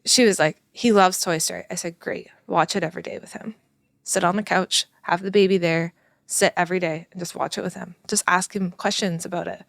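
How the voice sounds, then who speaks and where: Woman in her thirties, passionate parenting educator, gravelly voice, dry close sound. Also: fairly low pitch, fairly even intonation, a little fast, dry recording. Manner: earnest and passionate, laughs often. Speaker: parenting educator and former child therapist. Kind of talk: conversational podcast chat.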